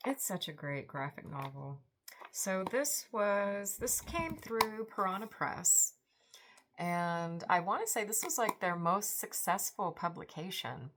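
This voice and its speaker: A woman's voice: medium pitch, lively intonation, slow, background noise. A woman in her forties hosting a book vlog, chatty and enthusiastic in a rambling, casual way. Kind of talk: casual book review chat.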